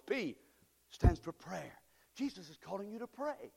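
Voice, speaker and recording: A man preaching a sermon as pastor, moving between quiet asides and shouted, fervent appeals. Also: high voice, sing-song, moderate pace, gravelly. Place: church sanctuary. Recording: long church hall reverb.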